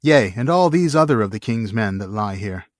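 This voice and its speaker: A man reading aloud as a grief-struck young warrior king, shouting in wild despair. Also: on the low side, animated, normal speed, dry recording, studio quality, natural voice. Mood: solemn.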